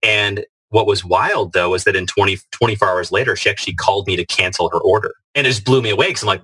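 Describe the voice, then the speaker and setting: Earnest low-voiced man telling a story. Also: quick pace, few pauses, bright, forceful tone, slightly rough, no echo, poor audio. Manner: earnest, many fillers and restarts. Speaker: guest, author. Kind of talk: storytelling in a podcast interview.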